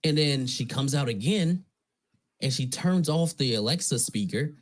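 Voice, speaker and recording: A man on a stream casually telling a personal story in a relaxed, profane, conversational way. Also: medium pitch, moderate pace. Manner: laid-back, profane, conversational.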